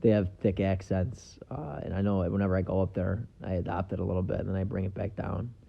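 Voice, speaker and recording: A young man with a fairly low, steady voice and some vocal fry rambles quickly through his solo podcast, cursing freely and padding every pause with ums. The audio is dull and slightly lo-fi.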